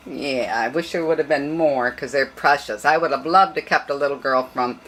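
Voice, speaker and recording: An older woman breeder chatting casually and rambling about her puppies, now and then cooing to them in high baby talk. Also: normal speed, fairly bright tone, slight background noise. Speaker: dog breeder. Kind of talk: casual puppy update vlog.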